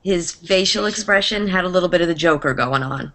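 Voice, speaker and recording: A woman's voice: fairly low pitch, brisk, fairly bright tone. A woman from New England, a drama teacher, giving thoughtful feedback on a video call with frequent ums. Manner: thoughtful, hesitant with many ums. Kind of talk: casual video call discussion.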